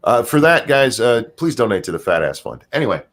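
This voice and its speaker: A man hosting a livestream chat, reading viewer comments aloud and swinging between loud jokes and mumbled asides. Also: medium pitch, sing-song, brisk. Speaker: livestream show host.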